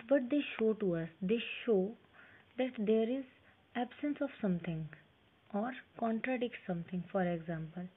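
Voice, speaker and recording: A woman with an Indian English accent teaches a grammar lesson in a mid-pitched voice. She explains step by step and slows down to read examples aloud. The sound is tinny and phone-like, with a faint hiss.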